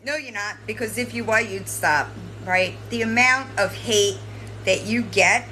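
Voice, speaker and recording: A woman's voice: mid-range voice, measured pace, very noisy. A woman host lecturing and scolding someone directly, swearing and tagging her points with "right?". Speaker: commentary channel host. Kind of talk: confrontational commentary addressing a streamer.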